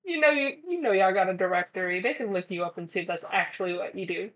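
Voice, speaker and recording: A chatty woman speaks casually to her viewers, giving advice in a relaxed vlog. Her voice sits at a middling pitch, and the audio is a touch dull and lo-fi. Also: a little fast. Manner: chatty, acts out conversations. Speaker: vlogger.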